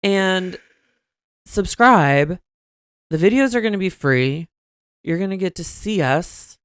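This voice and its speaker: A man's voice: high voice, expressive, slow pace, fairly bright tone, smooth, no room sound, studio quality. A man hosting a casual chat podcast, campy and profane, often slipping into sung and mimicked voices. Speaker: podcast host. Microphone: studio mic.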